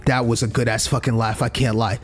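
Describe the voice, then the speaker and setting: A young man streaming a visual novel, reacting in an excitable, playful way with plenty of swearing. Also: mid-range voice, fairly quick, faint music behind. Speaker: video game streamer.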